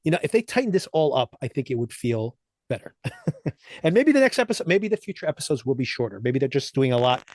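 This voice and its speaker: A man's voice: mid-range voice, very animated, fast, a little mellow, no room sound, clean studio sound. A man co-hosting a podcast, chatting casually and recapping a TV show in an easygoing, agreeable way. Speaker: podcast co-host. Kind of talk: casual chat.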